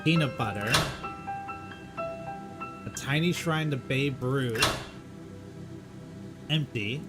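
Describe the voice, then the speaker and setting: A man's voice: mid-range voice, expressive, very slow. A male streamer reading game text aloud on a live stream, in a playful way. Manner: playful, reads dialogue in mock-archaic voices. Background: loud game music.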